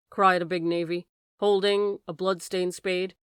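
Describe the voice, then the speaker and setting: A woman narrating a classic science fiction novel as an audiobook, reading dramatically and raising her voice for shouted lines. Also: on the low side, little pitch movement, normal speed, clean tone, no echo, studio quality. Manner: raises voice sharply for shouted lines.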